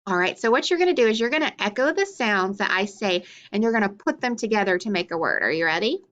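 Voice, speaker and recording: A woman's voice: medium pitch, animated, fast, fairly bright tone. A woman teaching a phonics lesson to children, drilling letters and sounds with patient encouragement.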